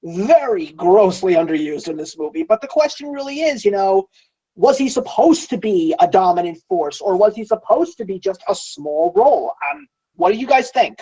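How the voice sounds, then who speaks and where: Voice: mid-range voice, sing-song, normal speed, dark tone, slightly rough, lo-fi sound. A podcast host leading a casual film discussion, enthusiastic and steering the talk.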